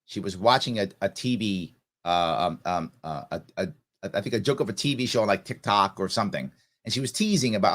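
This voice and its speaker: Earnest emotional male host, lowish voice. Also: fairly quick, fairly bright tone. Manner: earnest, emotional, repetitive emphasis. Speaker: show host. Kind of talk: heartfelt personal monologue.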